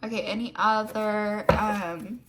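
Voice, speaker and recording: A woman with a mid-range, fairly even voice speaks slowly while hosting a casual pick-a-card tarot reading, against heavy background noise. Seated indoors and filming herself, she talks straight to her viewers, gushing effusively with affection and calling them "my loves."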